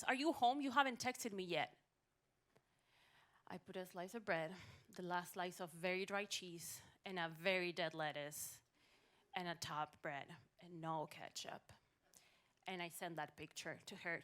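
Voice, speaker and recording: A woman telling a funny personal story on stage at a live storytelling event, animated with wry timing, into a stage mic. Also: lowish voice.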